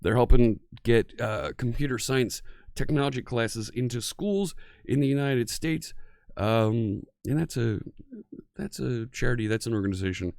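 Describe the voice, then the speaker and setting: A man's voice: medium pitch, moderate pace, vocal fry, darkish tone, no echo, clean studio sound. A man hosting a live coding stream in a casual, chatty way, greeting viewers one by one.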